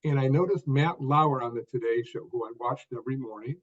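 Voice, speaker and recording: An older man, a podcast guest, telling his story in short deliberate phrases, stressing key words, with some repeated words. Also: medium pitch, dull audio. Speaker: guest author.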